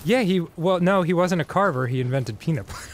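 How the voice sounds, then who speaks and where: A man's voice: a little high, expressive, brisk, slight background noise. A man co-hosting a let's play, bantering casually and laughing often as he talks. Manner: giggly, laughs often while talking.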